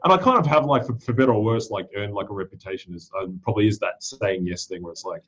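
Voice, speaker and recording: A man's voice: on the low side, fast talker, a bit bright, lo-fi sound. A man, a drummer, in a casual chat who agrees readily and laughs often while telling his own stories.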